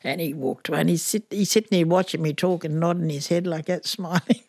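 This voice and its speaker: A woman's voice: on the low side, fairly quick, no room sound, clean studio sound. An older Australian woman, a musician, telling a story in an interview and acting out the voices in it. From northern Queensland, Australia. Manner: animated, acts out voices in her anecdotes. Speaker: musician guest.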